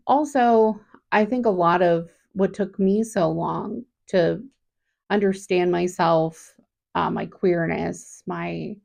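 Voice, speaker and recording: Slow, gravelly-voiced woman in her thirties. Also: medium pitch, darkish tone. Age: 30s. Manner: halting, reflective, with frequent restarts. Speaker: vlogger. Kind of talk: candid personal vlog.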